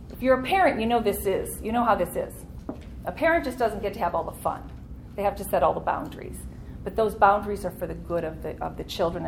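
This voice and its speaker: A woman's voice: mid-range voice, slight background noise. A woman teaching a church Bible study class in an earnest, conversational way, leaning into key points.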